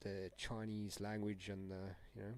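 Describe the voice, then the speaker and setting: A man's voice: lowish voice, flat delivery, a little slow, darkish tone. Laid-back streamer guy. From South Africa. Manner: laid-back, rambling, slangy, laughs often. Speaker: trading livestreamer. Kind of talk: casual live-stream chat.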